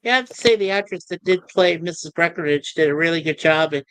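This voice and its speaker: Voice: medium pitch, fast, a bit bright, smooth, dry recording, rough recording. A podcast co-host in casual chat who laughs easily and mostly chimes in with short replies.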